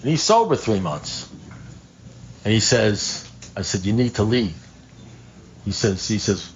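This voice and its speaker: Speaking slowly with long pauses, a man with a fairly low, very animated voice tells a story to a recovery group in their meeting room. He's loose and conversational, full of wry asides and restarts, and acts out what others said; the lo-fi room recording is dull, with faint noise.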